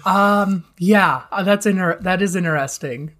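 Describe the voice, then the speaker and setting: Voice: mid-range voice, unhurried, a bit bright. A podcast co-host chatting casually about movies as an eager, self-described fan who laughs along.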